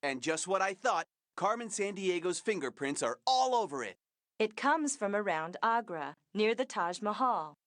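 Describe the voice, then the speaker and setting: A woman's voice: mid-range voice, sing-song, normal speed, no echo, close to an everyday voice. An actress voicing a female detective partner in a video game, with a dry, knowing delivery. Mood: wry.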